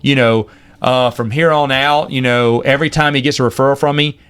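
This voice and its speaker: A man's voice: fairly quick, smooth. A man in his forties casually telling stories from his life as a podcast host, acting out the people in them with big jumps in his voice. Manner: animated, acts out quoted people with big pitch jumps. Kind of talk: casual storytelling.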